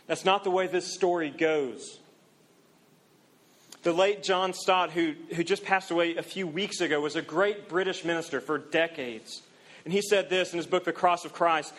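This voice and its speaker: A young man preaching a sermon to students, earnest, swinging from loud emphasis to near-quiet confession. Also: high-pitched. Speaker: campus minister.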